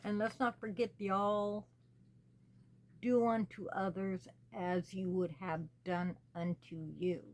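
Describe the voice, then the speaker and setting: A woman speaks to her small channel in a slow, deliberate way, leaving long pauses between her phrases. Her manner is earnest and pleading, with a voice sitting at an ordinary middle pitch. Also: little pitch movement. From United States. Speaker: channel host. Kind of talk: personal spoken commentary.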